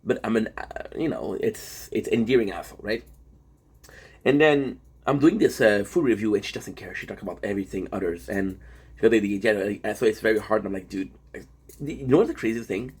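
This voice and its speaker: A man streamer talking in a casual vlog monologue, rambling and profane, telling stories in an animated way. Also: lowish voice, fairly quick, husky.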